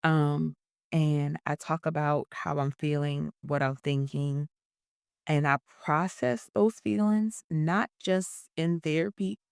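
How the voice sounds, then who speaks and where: A young woman speaking earnestly and emotionally in a personal vlog. Her voice sits low and has a gravelly fry. The sound is dry and close. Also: steady tone, slow, dry recording. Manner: earnest, emotional, self-affirming. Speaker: vlogger.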